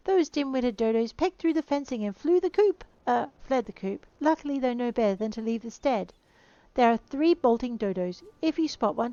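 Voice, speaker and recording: A woman reading out the lines of a chatty, flustered farmhand, brisk and eager. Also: on the high side, dry recording, highs cut off, pitched above the performer's own voice, close to an everyday voice. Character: chatty flustered farmhand chasing escaped birds.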